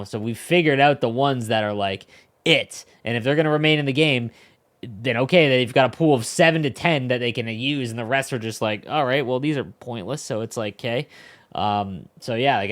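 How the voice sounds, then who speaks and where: A man's voice: medium pitch, normal speed. A man co-hosting a gaming podcast, rambling in casual chat and talking over the others. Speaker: podcast co-host.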